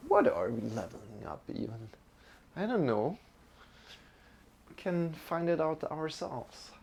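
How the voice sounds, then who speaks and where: A man teaching a live-streamed yoga class, talking in an unhurried, reflective way and greeting viewers by name, with slightly non-native phrasing. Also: fairly high pitch, very animated, creaky, a little mellow, slight background noise.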